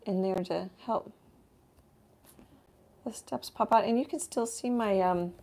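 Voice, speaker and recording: Gravelly-voiced woman chatting while painting. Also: medium pitch, unhurried, mellow. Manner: chatty, thinks aloud while painting, trails off mid-sentence. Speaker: art teacher and channel host. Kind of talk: casual live painting demo chat. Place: home art studio, indoors.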